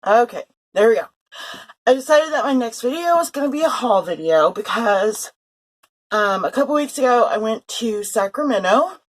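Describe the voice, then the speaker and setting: A woman's voice: a little high, expressive, moderate pace, poor audio. A woman in a casual haul vlog, filming at her sewing table and chatting in a rambling way about cards she found at a thrift store. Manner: chatty, rambling, with fillers and self-corrections. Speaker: vlogger showing a thrift haul. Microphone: handheld or table camera.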